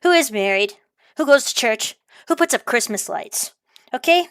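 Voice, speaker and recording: A woman's voice: on the high side, lively intonation, moderate pace, fairly bright tone, smooth, no echo, clean studio sound. A woman delivering an exasperated, profane rant, repeating herself as she vents. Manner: exasperated, profane, repetitive ranting. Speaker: ranting vlogger. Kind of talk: angry rant monologue.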